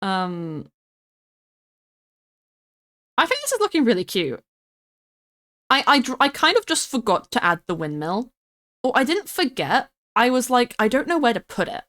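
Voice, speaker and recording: A woman's voice: on the high side, sing-song, a little slow, pauses often, a bit bright. A young woman from the United Kingdom, a streamer chatting casually and rambling while she builds in a game, often giggling and swearing.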